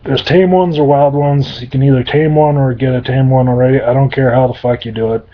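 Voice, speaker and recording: A man's voice: mid-range voice, steady tone, brisk, close to an everyday voice. A man voicing a crude male demon advisor who hands out orders bluntly and swears freely, in a dull lo-fi recording. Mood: gruff impatient. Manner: blunt, profane, dismissive.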